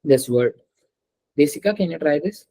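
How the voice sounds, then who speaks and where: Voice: mid-range voice, lively intonation, normal speed, dark tone, breathy edge, rough recording. A teacher giving an online French class over a video call, patiently repeating words and calling on students.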